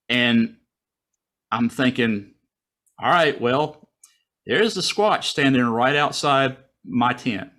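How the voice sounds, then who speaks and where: Animated male storyteller on a video call. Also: medium pitch, takes it slowly, pauses often. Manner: animated, acts out his own thoughts in a raised voice. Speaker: guest storyteller. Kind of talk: casual personal storytelling.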